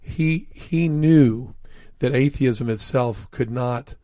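A man's voice: mid-range voice, slow pace, warm tone, no room sound, clean studio sound. A man, an author and interview guest, telling anecdotes in an earnest, reflective way. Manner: reflective, earnest, recounts dialogue.

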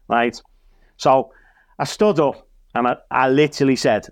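A man from Liverpool with a Liverpool accent, a comedian and church minister, telling an anecdote in a relaxed panel chat with lots of asides. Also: medium pitch, normal speed, no echo. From Liverpool, England. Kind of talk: casual storytelling in a panel chat.

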